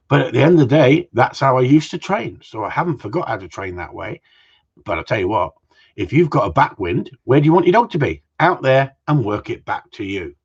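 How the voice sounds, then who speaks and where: Husky middle-aged man, outspoken gundog trainer on a lo-fi live stream, rambling and profane. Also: medium pitch. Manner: blunt, swears freely, rambling and opinionated. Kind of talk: casual live-stream rant. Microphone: live-stream mic.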